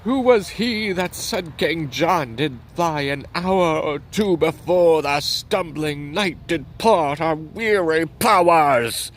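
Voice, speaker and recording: A man voicing a grim, brooding male prince at war in a slow, measured play reading. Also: fairly high pitch, expressive, slight background noise, pitched above the performer's own voice.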